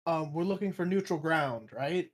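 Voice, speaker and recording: Player arguing the plan, jokey, quick comebacks, medium voice. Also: mid-range voice, animated. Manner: quick, joking, argumentative. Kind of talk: casual tabletop game chat.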